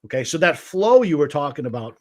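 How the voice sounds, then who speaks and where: A man's voice: on the high side, very animated, brisk. A man teaching guitar rhythm on a livestream, patiently explaining and counting beats aloud. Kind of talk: livestream music lesson.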